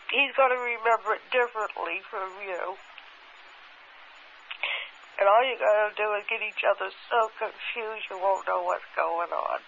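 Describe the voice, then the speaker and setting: A woman recounting a memory under hypnosis, halting and repeating words as she relives the events in the present tense. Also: medium pitch, fairly bright tone. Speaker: hypnosis subject. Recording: tinny archival tape with faint hiss.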